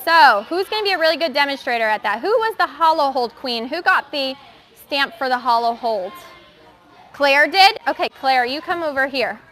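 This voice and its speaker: A young woman coaching young gymnasts through a live bar practice, giving brisk, encouraging instructions. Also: high-pitched, lively intonation, a bit bright. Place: gymnastics gym.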